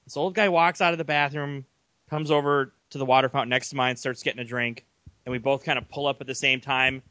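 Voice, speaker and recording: A young man co-hosting a casual sports podcast, telling long rambling stories with animated energy. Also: mid-range voice, fairly quick, no echo. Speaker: podcast co-host.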